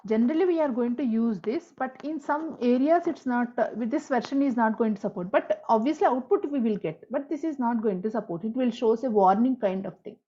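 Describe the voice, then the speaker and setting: A woman's voice: fairly high pitch, fairly quick, hardly any pauses, dark tone. A woman teaching a screen-recorded coding lesson, explaining step by step, spelling out tag names and repeating key points. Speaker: programming tutor. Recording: dull lo-fi audio.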